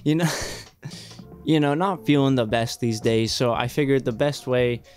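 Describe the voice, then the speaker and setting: A man's voice: mid-range voice, moderate pace, a little mellow. Young guy rambling thru a reaction vid intro, sarcastic, swears a lot, faint music behind. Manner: rambling, joking, sarcastic asides; swears casually. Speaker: reaction video host. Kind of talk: casual reaction commentary.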